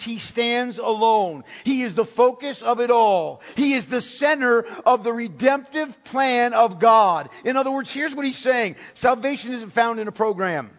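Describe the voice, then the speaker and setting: High-voiced emphatic preacher man. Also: a bit bright. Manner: emphatic, rhetorical questions, repeats key words. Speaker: pastor. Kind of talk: sermon. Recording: long hall reverb.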